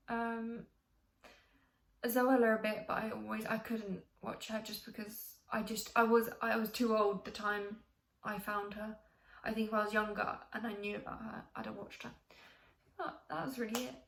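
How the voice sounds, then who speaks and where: A woman's voice: a little high, creaky. A young woman from the UK chatting casually to camera as a vlogger, rambling with many ums and restarts. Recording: echoey room, faint hiss.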